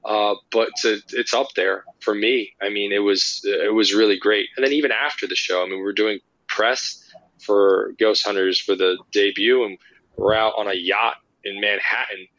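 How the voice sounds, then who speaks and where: A man, a paranormal investigator, telling lively, rambling anecdotes with lots of fillers in a casual interview. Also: lowish voice, moderate pace, no echo, lo-fi sound.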